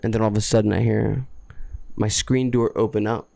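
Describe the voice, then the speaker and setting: A middle-aged man hosting a podcast, telling stories in a relaxed, easygoing way. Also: lowish voice, brisk, creaky, no room sound. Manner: easygoing storyteller, chuckles often. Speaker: podcast host. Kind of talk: casual storytelling chat.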